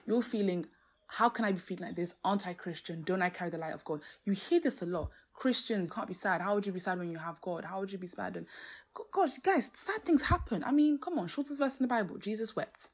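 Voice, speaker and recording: Breathy young woman, earnest faith podcast. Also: mid-range voice, quick pace. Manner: earnest, animated, exclaims and laughs. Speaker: podcast host. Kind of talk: faith-based podcast talk. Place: home, street noise outside.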